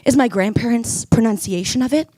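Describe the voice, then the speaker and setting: A young woman with a high voice works through a stand-up set on a club stage with a handheld mic. Her delivery is wry and self-mocking, and she slips into quick voices for the people in her jokes. The sound is close and dry. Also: warm tone, dry recording. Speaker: stand-up comedian.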